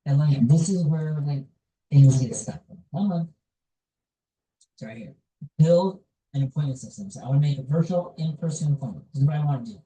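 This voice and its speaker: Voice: mid-range voice, a little fast, mellow. A vlogger talking casually while walking through a website on screen, rambling and tossing in "like" and "right?" a lot. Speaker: real estate investor vlogger. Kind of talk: casual screen walkthrough vlog. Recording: echoey room, voice far from mic.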